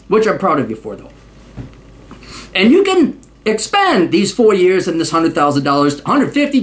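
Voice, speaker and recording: A man's voice: high voice, fairly bright tone. Fired-up guy ranting, swears a lot, sarcastic, voice swings all over the place. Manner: profane, sarcastic, worked-up. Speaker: host. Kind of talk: ranting monologue.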